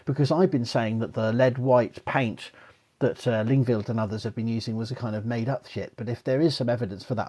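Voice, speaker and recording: Husky middle-aged man, rambling live chat. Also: mid-range voice, a little mellow. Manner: rambling, sweary, chatty, many asides and "you know"s. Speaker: archaeologist host of a live Q&A. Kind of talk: casual live-stream Q&A chat.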